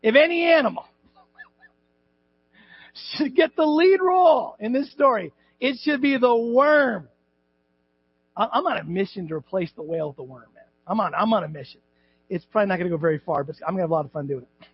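A male pastor preaching a sermon in a church, animated and joking, acting out voices and shouting at times. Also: sits high, a little fast, long pauses, slightly rough, muffled recording. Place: church sanctuary.

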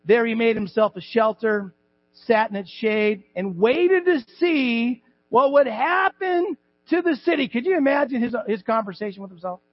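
A male pastor preaching a sermon in a church, animated and joking, acting out voices and shouting at times. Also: very high voice, normal speed, dull audio. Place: church sanctuary.

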